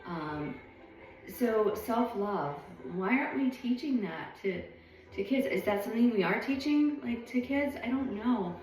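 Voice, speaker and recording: A woman's voice: fairly high pitch, lively intonation, a little slow, a little mellow, far from the mic. A woman vlogging at home, rambling thoughtfully with lots of ums and hesitations. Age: adult. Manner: meandering, reflective, many ums. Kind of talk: casual rambling monologue. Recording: echoey room, voice off-mic, faint music.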